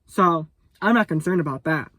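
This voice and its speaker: A man's voice: fairly high pitch, moderate pace, a bit bright, no room sound. Furious, profane young man ranting. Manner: repeats himself and stumbles over his words. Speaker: vlogger. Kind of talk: angry vlog rant to camera.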